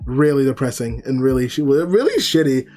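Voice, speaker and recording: A man casually recaps an anime episode, rambling and often correcting himself mid-sentence. His voice is mellow and relaxed. Faint music runs underneath. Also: mid-range voice, normal speed. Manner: rambling, with many fillers and self-corrections. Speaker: anime reviewer.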